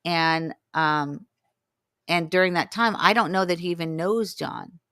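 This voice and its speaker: A woman in her sixties with a low, smooth voice tells her story as an interview guest. She slips into the voices of the people she quotes. The sound is dry and close. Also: measured pace, no room sound. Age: 60s. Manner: animated, acts out quoted dialogue. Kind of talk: storytelling in conversation.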